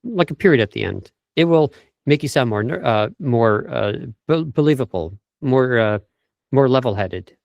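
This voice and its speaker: A man's voice: medium pitch, expressive, moderate pace, vocal fry, darkish tone, no echo, dull audio. A man working as a vocal coach, explaining tips step by step in an interview over a video call and briefly demonstrating speech habits.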